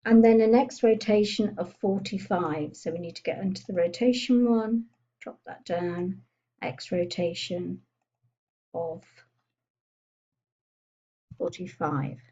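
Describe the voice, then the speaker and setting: A woman giving a chatty software tutorial, thinking aloud as she clicks through menus. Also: on the low side, slow pace, long pauses, breathy edge, lo-fi sound. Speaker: computer skills tutor. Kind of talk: screen-recorded software tutorial.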